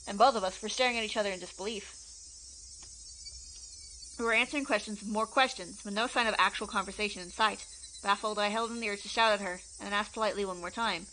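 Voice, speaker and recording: A woman narrating a horror visual novel aloud in an expressive, steady reading style. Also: medium pitch, quick pace, a little hiss or hum, rough recording.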